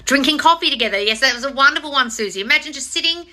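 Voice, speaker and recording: A woman with a high-sitting voice talks rapid-fire while live-streaming as a manifestation coach. She answers viewer comments bluntly, swearing a lot and putting on mocking impressions, animated and teasing as she speaks straight to her audience.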